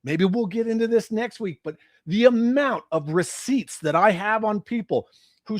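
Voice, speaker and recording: A man's voice: high-pitched, animated, moderate pace, no room sound, studio quality. A man hosting a livestream, ranting with profanity and sarcasm about his hobby. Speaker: livestream host.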